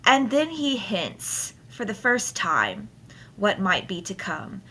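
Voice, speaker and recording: A woman's voice: medium pitch, big pitch swings, takes it slowly, a bit bright, breathy edge. A woman teacher reading a play aloud at home and explaining it to her class, with playful, chatty asides. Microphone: computer mic on a screen recording.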